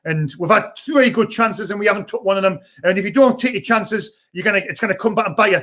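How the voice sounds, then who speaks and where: A young man, hosting a live fan stream and commentating excitedly, shouting during attacks. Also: high voice. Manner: shouts and rushes during attacks, chats between. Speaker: fan channel host.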